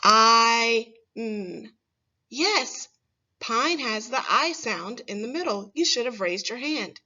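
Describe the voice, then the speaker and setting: Woman, primary teacher, fairly high voice, slow careful delivery, dull lo-fi recording. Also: animated, bright, forceful tone. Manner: slow, clear, stressing single words for children to repeat. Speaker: first grade teacher. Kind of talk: phonics lesson for young children.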